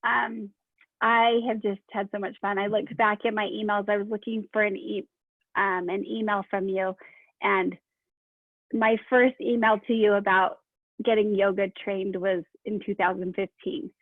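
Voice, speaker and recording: A woman's voice: medium pitch, level tone, unhurried, no room sound. A woman yoga graduate giving a bubbly, laughing farewell speech over a video call. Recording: thin phone-like video call, dry.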